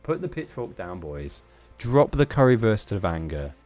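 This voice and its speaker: A man's voice: on the low side, sing-song, normal speed, a little mellow, soft background music. A man hosting a live-streamed game tournament, chatting casually in a rambling, self-mocking way with frequent laughs.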